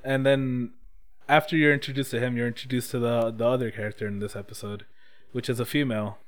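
A young man in casual chat recapping an episode, excitable and swearing freely. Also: medium pitch, fast talker.

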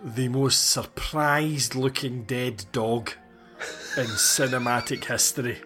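A man's voice: mid-range voice, steady tone, slow, over music. A man, casually recapping a film with wry, sweary asides. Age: 40s. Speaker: podcast host. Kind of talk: casual chat.

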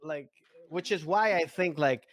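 A man co-hosting a comedy podcast in casual chat, playful and laughing often as he acts out quick impressions. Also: on the high side, no room sound. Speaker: podcast co-host.

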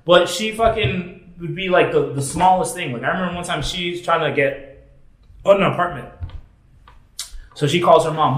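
A man's voice: fairly high pitch, moderate pace. Candid thirty-something man, echoey room. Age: 30s. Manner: candid, rambling, with many restarts and fillers. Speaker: podcast co-host. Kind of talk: casual chat.

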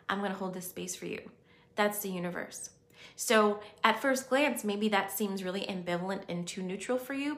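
A woman's voice: mid-range voice, a bit bright, echoey room. A woman giving a spiritual self-help talk, earnest and reassuring, speaking in a conversational way.

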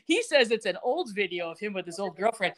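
A woman's voice: big pitch swings, brisk. A woman co-hosting a podcast, casually recapping a television episode and acting out the characters' lines with laughs. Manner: acts out characters' lines with shifting pitch, laughs often. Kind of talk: casual chat, animated plot retelling.

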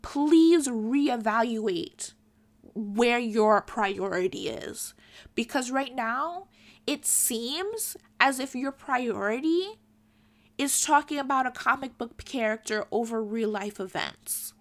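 Slow, earnest young woman lecturing. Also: on the high side, expressive. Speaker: commentary vlogger. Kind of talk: opinion commentary to camera.

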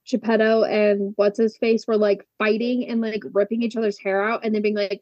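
A young woman co-hosting a podcast, tossing in quick joking asides during a casual chat. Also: medium pitch, little pitch movement, mellow, no room sound, lo-fi sound. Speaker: podcast co-host.

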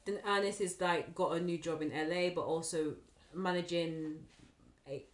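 A woman's voice: lowish voice, fairly even intonation, moderate pace, roomy sound. A woman co-hosting a podcast in easygoing casual chat, often agreeing and thinking aloud. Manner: easygoing, many fillers and agreeing yeahs. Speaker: podcast co-host.

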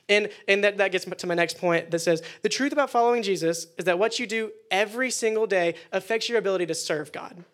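High-voiced young man preaching casually. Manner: animated, acts out quoted prayers. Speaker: youth pastor. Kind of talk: casual youth sermon.

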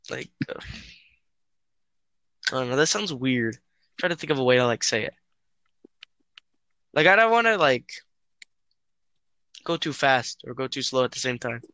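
A young guy talks to a friend over a voice call. He rambles and hesitates, with lots of filler and swearing. His voice is bright and a little high, and the sound is dry and close. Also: very animated, measured pace, long pauses, dry recording. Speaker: friend telling a dating story. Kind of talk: casual chat over a call.

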